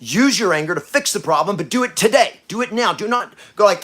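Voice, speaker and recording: Male podcast host, fairly high voice, blunt preachy delivery, swings from hush to loud. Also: fast talker, few pauses. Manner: coarse language, blunt. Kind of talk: motivational talk.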